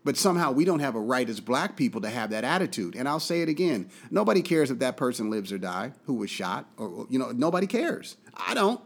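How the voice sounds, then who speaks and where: A furious American man speaks straight into the mic in a long commentary monologue. His voice sits at a middling male pitch, dips down into low, quiet stretches, then bursts back up loud and insistent. He repeats lines for emphasis. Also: big pitch swings, a little fast, vocal fry, few pauses. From United States. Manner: angry, emphatic, repeats points for force; swings between loud outbursts and low, quiet drops. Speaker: political commentator.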